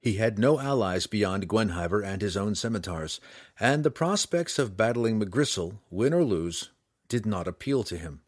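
A middle-aged man reading a fantasy novel aloud as scripted narration, with expressive storytelling. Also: lowish voice, normal speed, dry recording, studio quality. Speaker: audiobook narrator.

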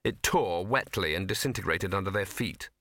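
A man reading a fantasy novel as audiobook narrator, with measured storytelling. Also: low-pitched, fairly bright tone, no room sound, studio quality. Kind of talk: scripted narration.

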